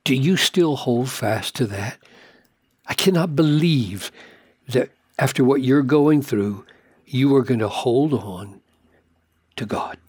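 A man preaching a sermon, asking rhetorical questions and growing emphatic as his pitch climbs high. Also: lively intonation, slow, long pauses, a little mellow, breathy edge, no room sound, studio quality.

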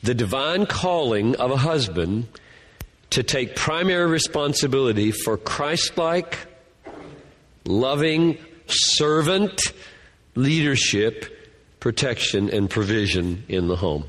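A man's voice: mid-range voice, animated, slow, a bit bright, in a large hall. A man giving a Bible lecture to a class, thinking aloud and earnestly repeating key words. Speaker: Bible teacher.

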